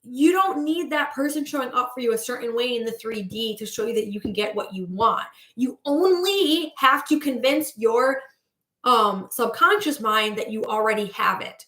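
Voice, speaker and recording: A woman's voice: fairly high pitch, expressive, moderate pace, fairly bright tone, echoey room. A woman manifestation coach in a breezy, chatty livestream talk, greeting viewers as she goes.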